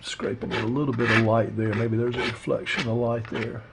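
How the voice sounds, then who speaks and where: A man teaching a watercolor painting demo, talking through his steps in a relaxed, rambling way with lots of fillers. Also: medium pitch, moderate pace, very noisy. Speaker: art instructor. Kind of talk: casual painting demonstration.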